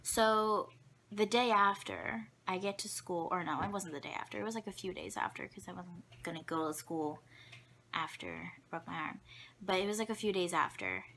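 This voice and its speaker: A woman's voice: fairly low pitch, fairly bright tone, slight background noise. A young woman telling childhood stories to camera in a chatty, rambling, self-mocking way. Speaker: vlogger. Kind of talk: casual storytelling to camera.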